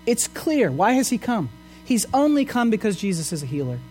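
A man's voice: sits high, sing-song, brisk, darkish tone, a little hiss or hum. A man pastor preaching a sermon in an earnest way, asking his listeners questions. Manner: earnest, asks the congregation rhetorical questions.

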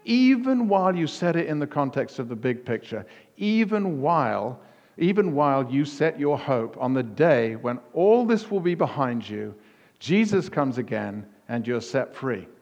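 A man preaching a sermon as pastor, emphatic, with punchy repetition that rises to near-shouts on key words. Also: medium pitch, very animated, measured pace, highs cut off. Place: church hall. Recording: long reverb of a church hall.

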